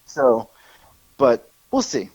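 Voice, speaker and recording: A man of about forty, co-hosting a podcast, telling stories in a sarcastic, animated way. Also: mid-range voice, breathy edge, dry recording, muffled recording. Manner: animated storyteller, fast sarcastic rants. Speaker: podcast co-host. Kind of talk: casual podcast chat.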